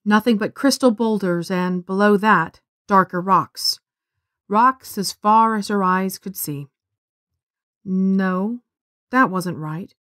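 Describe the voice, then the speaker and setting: A woman reading a science fiction story aloud as narrator, in a steady storytelling voice on a close studio mic. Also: mid-range voice, slow, dry recording. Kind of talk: scripted narration.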